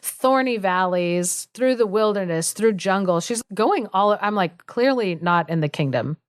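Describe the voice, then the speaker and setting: A woman's voice: medium pitch, lively intonation, unhurried, clear, resonant tone, dry recording, clean studio sound. A woman co-hosting a podcast who retells a fairy tale in a chatty way, full of asides and "like", laughing often. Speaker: podcast co-host. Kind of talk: casual storytelling chat.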